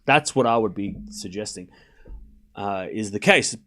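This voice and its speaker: A man's voice: on the low side, lively intonation, unhurried, fairly bright tone. A man with an Australian accent hosting a live stream, giving casual commentary and chatting with viewers in a rambling, self-deprecating way, swearing now and then.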